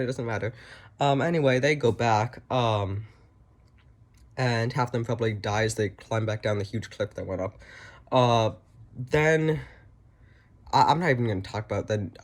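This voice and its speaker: A man talks through a loose, sarcastic review at a middle pitch. He rambles and fills gaps with ums. He mocks what he describes as he goes. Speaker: reviewer and author. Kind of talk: casual spoken review.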